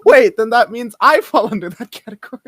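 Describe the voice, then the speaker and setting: A man chatting on a podcast, playful and rambling, laughing through his sentences. His pitch leaps around in a lively, sing-song way, and the recording is close and dry with no room sound. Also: brisk, husky, dry recording. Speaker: podcast co-host. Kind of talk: casual chat.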